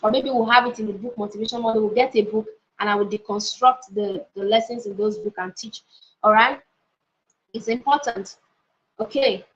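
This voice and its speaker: Woman pastor and life coach, high voice, emphatic and repetitive, muffled lo-fi recording. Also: steady tone, normal speed, a bit bright. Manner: emphatic, repeats key phrases, asks "All right?". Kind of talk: motivational teaching session. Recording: dull lo-fi audio.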